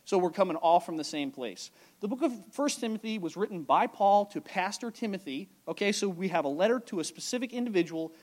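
A man's voice: sits high, a little fast. A male pastor giving a conversational sermon to his congregation, often checking in with the listeners. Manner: animated, conversational preaching with frequent check-ins.

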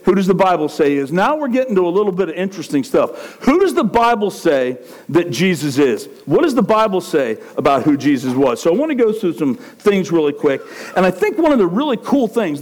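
A male preacher with a high, lively voice that swings widely in pitch. He talks to his congregation in a loose, conversational way, dropping in frequent asides to check they are following. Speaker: pastor. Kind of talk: sermon.

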